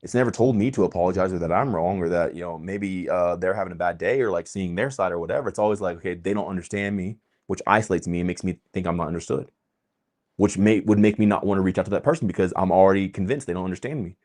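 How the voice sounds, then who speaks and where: Man, very low voice, vlog host, impassioned monologue, emphatic, preachy, loud-quiet swings. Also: fast talker. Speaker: vlogger host.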